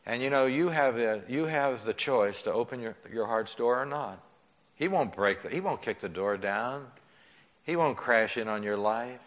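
A male pastor preaching an impassioned sermon in a church, swinging between loud pleading and hushed, soft tones. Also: mid-range voice, expressive, normal speed. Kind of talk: sermon with altar call. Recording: long church reverb.

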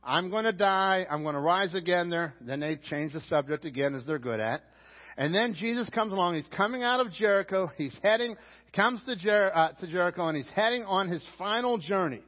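A man with a Pittsburgh accent preaches a sermon in a rather high voice, animated and sometimes acting out shouted lines. The sound is dull and lo-fi, and long reverb trails through the church hall. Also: fairly quick. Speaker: pastor.

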